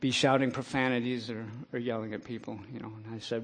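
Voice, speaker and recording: A middle-aged man preaching a sermon, telling a personal story in a plain way and breaking into loud, impassioned scripture quotes. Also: medium pitch, flat delivery, fast talker, a little hiss or hum. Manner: rises to loud impassioned preaching, then drops to quiet storytelling.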